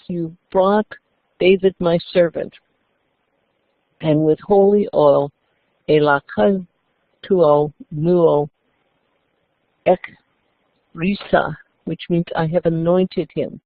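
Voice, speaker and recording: Woman, scripture lecture, deliberate, slow pace, dry close sound. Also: lowish voice, no room sound. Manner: deliberate, reading out and explaining Greek words. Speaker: Bible teacher. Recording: tinny phone-like dry sound.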